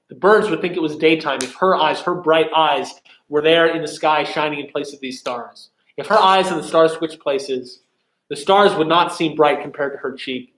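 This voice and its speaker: A man's voice: a little high, normal speed, fairly bright tone. A man teaching a lesson on Shakespeare, explaining step by step with many fillers and restarts, and reading verse aloud. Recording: echoey room.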